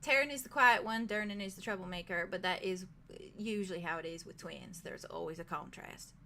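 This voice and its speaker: Bright-toned woman GM, casual and lively, faint noise behind. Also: lowish voice, brisk. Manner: chatty, lots of "like" and laughter. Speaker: game master. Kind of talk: narrating a tabletop game.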